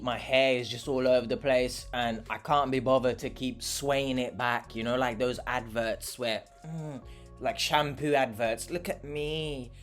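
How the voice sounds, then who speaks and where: Mouth full of food, the young vlogger rambles on in a casual, sarcastic way, his voice at a medium pitch.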